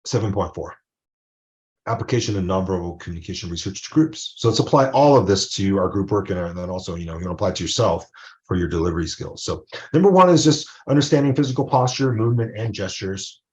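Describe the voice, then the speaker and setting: A man's voice: sits low, fast talker, darkish tone. A man lecturing as a college professor in a recorded video lecture. He speaks in a loose, conversational way and often checks in with tag questions.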